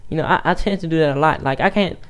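A man's voice: on the high side, fast, smooth. Rambling, stuttering man gaming. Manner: rambling, stuttering, restarts sentences. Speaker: YouTube gamer. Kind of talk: casual gameplay commentary.

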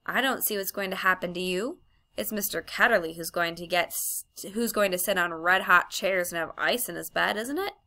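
Storybook schoolgirl, prim and sarcastic, bright tone; woman narrator doing the voice. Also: fairly low pitch, normal speed. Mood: relenting. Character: quick, indignant young British schoolgirl.

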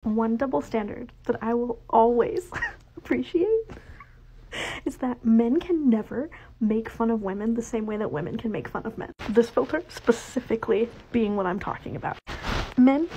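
A woman's voice: a little high, animated, moderate pace, dark tone, a little hiss or hum. A woman in a casual social video rant, sarcastic and mocking. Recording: dull lo-fi audio.

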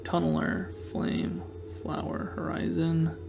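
A man giving casual let's-play commentary on a video game, reacting excitably with loud outbursts of frustration. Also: fairly high pitch, slow pace, vocal fry, over music. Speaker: gameplay commentator.

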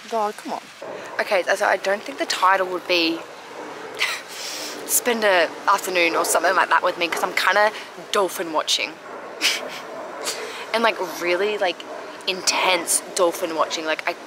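Slow, gushing Australian woman vlogging outdoors. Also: fairly low pitch, noisy background. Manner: gushing and rambling, full of "like" fillers. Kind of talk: casual outdoor vlog. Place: outdoors by a harbour.

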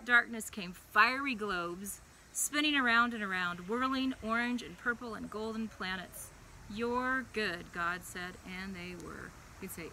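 Woman, young, preschool chapel leader, playful storybook reading to kids, very bright ringing voice. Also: on the high side, slight background noise, poor audio. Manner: animated storyteller, playful and lively.

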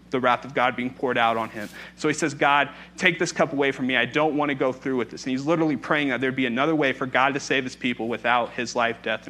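A man's voice: mid-range voice, fairly bright tone, a little hiss or hum. A young adult man, a pastor, preaching a sermon in a conversational way, telling stories with playful asides.

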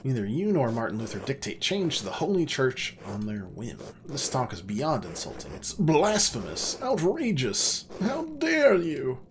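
A man's voice: mid-range voice, big pitch swings, normal speed, few pauses, background noise, close to an everyday voice. A man reading aloud as a stern older abbot who loses his patience and turns indignant. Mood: outraged. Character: stern older male abbot, easily angered. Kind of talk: reading game dialogue aloud.

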